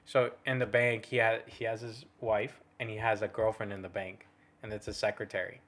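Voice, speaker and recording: A man's voice: lowish voice, level tone, a little fast, a bit bright. A young man co-hosting a casual podcast, rambling with lots of fillers and restarts and swearing freely. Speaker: podcast co-host. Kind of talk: casual chat.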